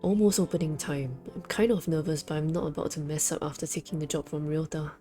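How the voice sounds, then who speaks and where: Woman reading a young girl heroine, earnest, a bit nervous, low, mellow, faint game music. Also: fast, lightly acted.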